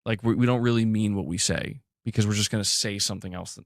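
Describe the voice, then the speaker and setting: A man speaking on his own stream in an earnest, halting way, full of fillers. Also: fairly low pitch, steady tone, dry recording, clean studio sound. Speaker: streamer in played clip. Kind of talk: casual stream talk.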